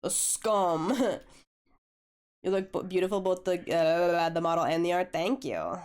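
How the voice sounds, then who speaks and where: A young woman art streamer chatting casually with viewers while she draws, a little hoarse as she gets over a flu, laid-back and swearing freely. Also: on the low side, animated, unhurried, darkish tone.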